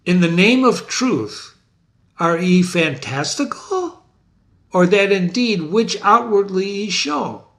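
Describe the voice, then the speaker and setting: A man reading aloud the lines of a bold, questioning male Scottish general, slow and measured. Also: sits high, expressive, fairly bright tone, full character voice. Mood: challenging. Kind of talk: dramatic reading of a play quote.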